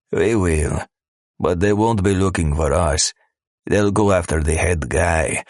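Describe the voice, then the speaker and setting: A man plays rough smugglers with a very deep, low voice, crude and menacing in their talk. The sound is dry and close, with no room around it. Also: no room sound. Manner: crude, menacing, tough-talking. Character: gruff male smugglers and mafia man. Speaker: audiobook narrator. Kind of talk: scripted audiobook narration.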